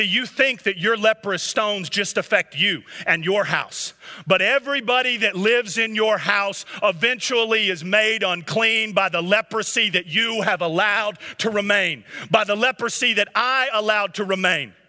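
A middle-aged man preaching a sermon as pastor, building to shouted exhortations. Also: high-pitched, normal speed, in a large hall.

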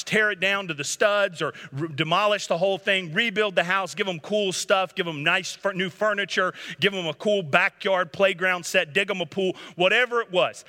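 High-voiced fervent male preacher, echoing hall. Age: middle-aged. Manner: preaches with rising fervor, shouting exhortations. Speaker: pastor. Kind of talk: sermon.

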